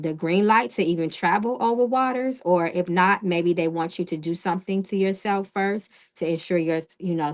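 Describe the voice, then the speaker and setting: A woman hosting a live-stream tarot reading who talks in a direct, casual way. She often checks in with "okay?" and greets viewers in the chat. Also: lowish voice.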